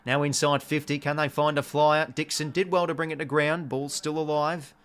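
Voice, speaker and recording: Slightly high-voiced and speaking at normal speed, a young Australian man hosts a live watch-along of a match. He keeps the calling casual, with excitable bursts and the occasional mild swear word.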